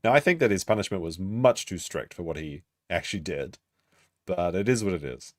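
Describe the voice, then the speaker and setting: A man's voice: low voice, animated, a little fast, dry recording, clean studio sound. A man hosting a stream and reacting to a clip, blunt and swearing freely in long asides. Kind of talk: casual reaction commentary.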